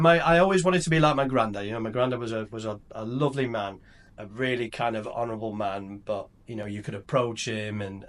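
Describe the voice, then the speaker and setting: A middle-aged man, a company founder chatting casually on a podcast, rambling and telling stories with many restarts. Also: mid-range voice. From England. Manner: relaxed, rambling storyteller with restarts.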